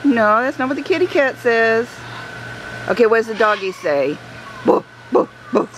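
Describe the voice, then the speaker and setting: A woman's voice: fairly high pitch, lively intonation, normal speed. A woman coaxing a pet bird in sing-song baby talk, recorded outdoors on a handheld camera. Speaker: visitor talking to a parrot. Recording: loud outdoor background noise.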